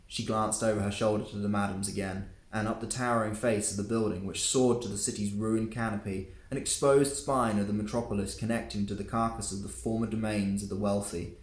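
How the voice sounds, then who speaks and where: A man's voice: lowish voice, flat delivery, a little fast, few pauses, roomy sound. A man reading his own novella aloud as an audiobook, in a casual way with occasional slips. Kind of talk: audiobook narration.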